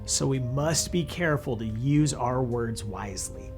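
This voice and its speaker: A man's voice: medium pitch, a little slow, soft background music. A young man teaching a scripted Bible lesson to children in a friendly, patient way.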